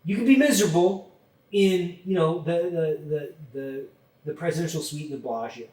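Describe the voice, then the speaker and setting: A man's voice: fairly high pitch, moderate pace, a little mellow. A man hosting a podcast, talking emphatically in casual chat and swearing freely. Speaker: podcast host. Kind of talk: casual conversation. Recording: roomy sound, distant from mic.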